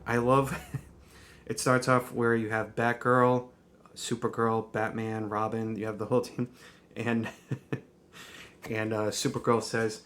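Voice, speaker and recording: A man chatting casually in a vlog, talking warmly, restarting his sentences and laughing often. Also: medium pitch, level tone, measured pace, pauses often. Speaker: comic book vlogger. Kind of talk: casual chat.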